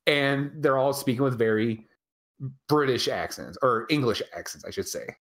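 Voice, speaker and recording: A podcast co-host in casual live chat, rambling and animated, swearing freely over a remote call mic. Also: medium pitch, moderate pace.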